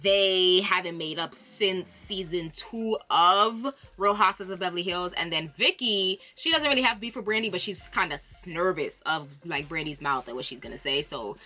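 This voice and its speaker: A woman vlogger giving a chatty, animated reality TV recap, laughing often and using playful slang. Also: fairly low pitch, normal speed, hardly any pauses, soft background music. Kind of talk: casual recap chat.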